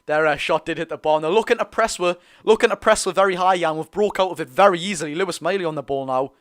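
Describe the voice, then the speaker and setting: A young man with a Geordie accent giving excitable, partisan live commentary on a football match for his viewers. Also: high voice, quick pace. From North East England. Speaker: football fan streamer.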